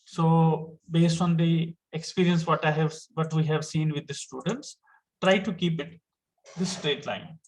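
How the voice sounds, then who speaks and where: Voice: mid-range voice, steady tone, measured pace, a little mellow, rough recording. A teacher, giving an online lesson step by step and patiently repeating each point.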